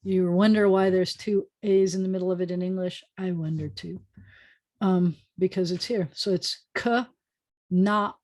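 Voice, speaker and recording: A woman's voice: lowish voice, flat delivery, normal speed, warm tone. A woman rabbi teaching a beginners' Hebrew class over a video call, chatty and often correcting herself as she draws the letters. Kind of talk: online class lesson.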